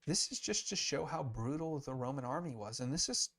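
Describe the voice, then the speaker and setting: A man's voice: medium pitch, animated, brisk, fairly bright tone. Male Bible teacher, casual talk-through, emphatic and earnest, thinks aloud, mid-range voice.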